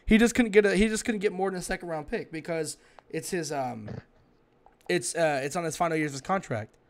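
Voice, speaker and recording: A man's voice: a little high, brisk, slight background noise. A man hosting a sports podcast, ranting in a fired-up way, swearing and firing off rhetorical questions. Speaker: podcast host. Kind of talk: heated sports podcast talk.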